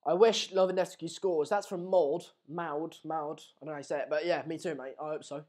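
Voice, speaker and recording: High-voiced chatty streamer. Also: male voice, steady tone, brisk, a little mellow. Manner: chatty, reads out viewer comments between play-by-play. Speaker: live stream host. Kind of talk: live match watchalong commentary.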